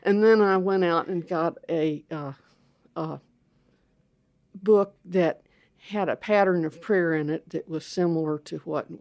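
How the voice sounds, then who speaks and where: A woman's voice: low-pitched, darkish tone, dry recording. An older woman, a theologian, telling a candid, self-mocking story as an interview guest.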